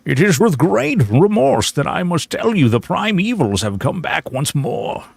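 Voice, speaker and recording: A man's voice: fairly high pitch, sing-song, a little slow, creaky, a little mellow, slightly rough, no room sound, pitched above the performer's own voice, exaggerated voice. Deckard Cain, a man doing a grave old storyteller. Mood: solemn. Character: wise old male storyteller, solemn and grave.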